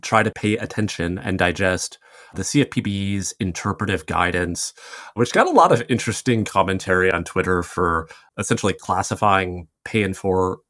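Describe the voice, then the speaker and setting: Male podcast guest, low voice, chatty explainer. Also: a bit bright, no room sound, clean studio sound. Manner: explanatory, quick asides, laughs easily. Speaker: podcast guest, fintech commentator. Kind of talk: casual podcast chat, explaining regulation.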